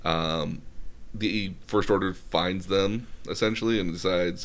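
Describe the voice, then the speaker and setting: Deep-voiced man rambling casually. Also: steady tone, measured pace. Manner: rambling with many fillers. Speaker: host retelling a film plot. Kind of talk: casual chat.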